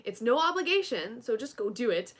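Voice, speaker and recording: A woman's voice: fairly high pitch, brisk, husky. A woman co-hosting a podcast, reading sponsor messages and show plugs in a casual, upbeat way. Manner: upbeat, lively promotional delivery. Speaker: podcast co-host.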